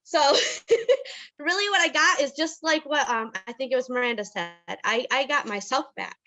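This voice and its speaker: Emotional woman in her forties, high and bright. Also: normal speed. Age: 40s. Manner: nervous, emotional, laughs between phrases. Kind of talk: personal testimony on a video call. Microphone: video call.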